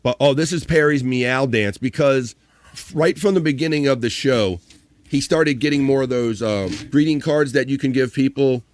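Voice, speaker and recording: A man of middle pitch chats casually as a live-stream host, rambling through a recap with plenty of fillers. The sound is dry and close. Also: moderate pace, no echo.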